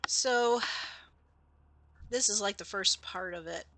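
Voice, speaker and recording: A woman's voice: medium pitch, slow pace, fairly bright tone, no echo. A woman streamer giving casual, chatty commentary while she plays, explaining game lore and laughing at her own mistakes.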